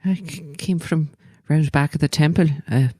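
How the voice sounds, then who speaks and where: An eager young Irish lad who serves at a temple, as a man puts him on for a tabletop game. He talks haltingly, fills his speech with "uh", and sits higher than a grown man's voice, recorded close and dry with no room sound. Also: fairly even intonation, darkish tone, no room sound, natural voice. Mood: earnest. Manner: halting, full of "uh" fillers, eager to please. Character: young Irish boy servant at a temple, earnest.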